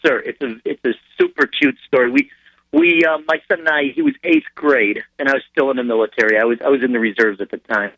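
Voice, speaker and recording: Animated middle-aged man telling stories. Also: mid-range voice, quick pace, gravelly, no room sound, muffled recording. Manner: animated, rambling anecdotes with frequent restarts. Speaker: military sergeant and charity founder as a guest. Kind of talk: radio interview storytelling.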